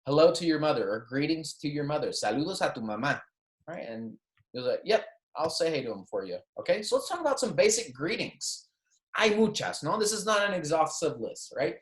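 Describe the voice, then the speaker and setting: A man teaches a beginner Spanish class in a recorded lecture, repeating phrases for the students, checking in with "okay?" and "right?" and adding light jokes. His voice is a little high and very animated, and he talks fairly quickly in an echoey room.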